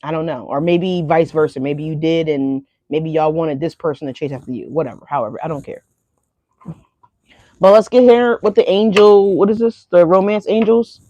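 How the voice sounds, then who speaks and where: A woman's voice: low-pitched, normal speed, dark tone, no echo, lo-fi sound. A woman giving a casual tarot reading who rambles, swears, laughs to herself and talks straight to her viewers. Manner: rambling, profane, laughing asides. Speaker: tarot reader.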